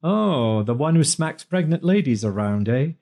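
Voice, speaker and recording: A man doing a deep-voiced, steady police inspector. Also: moderate pace. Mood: firm.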